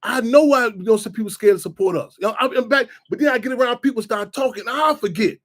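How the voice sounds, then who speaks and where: Fast-talking high-voiced man rambling. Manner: rambling, repeats "you know what I'm saying". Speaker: radio show host. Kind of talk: casual monologue.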